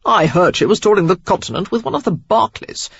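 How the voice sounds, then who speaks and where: A reader plays a pack of excitable young men, their voices raised high and loud as they babble over each other. The recording is dull, dry and lo-fi. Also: fairly quick, gravelly, slightly rough, no room sound. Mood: eager. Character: eager young male gentlemen gossiping.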